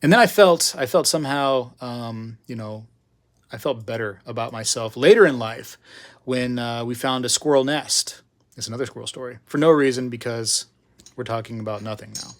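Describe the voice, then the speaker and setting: A middle-aged man spins a casual, meandering story on a live stream, full of asides and fillers. His voice sits at an ordinary middle pitch and rises loud and high at the exciting moments. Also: normal speed. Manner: chatty, digressive, lots of fillers and asides. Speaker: host of a live hobby show.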